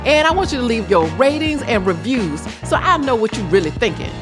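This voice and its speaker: A woman's voice: on the high side, very animated, a little fast, music in the background. A woman hosting a podcast in casual chat, enthusiastic and exclamatory. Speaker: podcast host.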